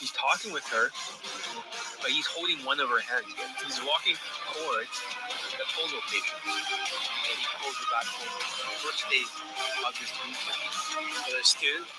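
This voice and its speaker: A man's voice: medium pitch, moderate pace, long pauses, poor audio. A man who coaches dating, giving casual, matter-of-fact commentary over footage. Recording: voice over loud music.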